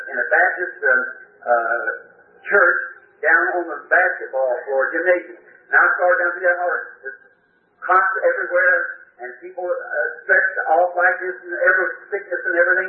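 A man's voice: high-pitched, fairly even intonation, moderate pace. A man preaching, telling a personal story with fervent emotion and sometimes crying out. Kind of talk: sermon testimony. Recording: distant, echoey, tinny old recording.

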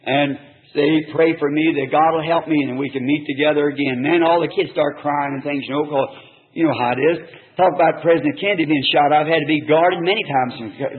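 A male preacher tells a personal story in an earnest, folksy way, with plain country speech. His voice sits fairly high for a man. The recording is thin and tinny, like an old tape. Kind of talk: sermon testimony.

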